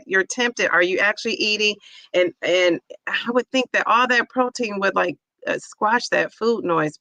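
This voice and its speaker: A woman's voice: medium pitch, bright, forceful tone, no echo. A middle-aged woman hosting a casual livestream, chatting effusively and greeting viewers by name as she reads their comments. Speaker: weight-loss vlogger hosting a livestream.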